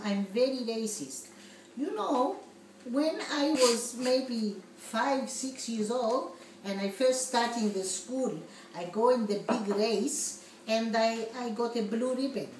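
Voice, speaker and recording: A woman playing a flustered migrant woman in an immigration interview, talking in broken English full of mix-ups. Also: fairly high pitch. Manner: broken English, malapropisms, excitable, giggly. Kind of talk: comedy sketch. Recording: roomy echo, distant mic, faint noise.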